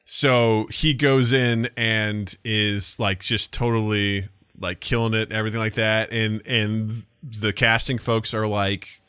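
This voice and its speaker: A man's voice: lowish voice, measured pace, hardly any pauses, a bit bright, clear, resonant tone, no echo. A man co-hosting a podcast, rambling and joking in casual chat with some swearing. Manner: rambling, profane, jokey. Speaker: podcast co-host.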